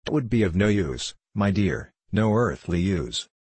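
A man voicing a frail, anxious old grandfather with a husky, slow and mournful delivery. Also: deep voice, very animated, darkish tone, dry recording, exaggerated voice. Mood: despairing.

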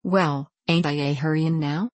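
A woman's voice: sits low, steady tone, measured pace, dry recording. A woman voicing an impulsive, clumsy little girl in a storybook reading.

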